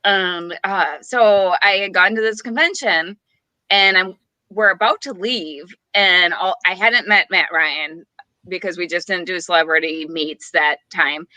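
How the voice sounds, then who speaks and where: Lively woman podcaster, bright voice, laughs a lot, dry close sound. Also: on the low side, unhurried, no room sound. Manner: animated storyteller, laughs often. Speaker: podcast co-host. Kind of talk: casual chat.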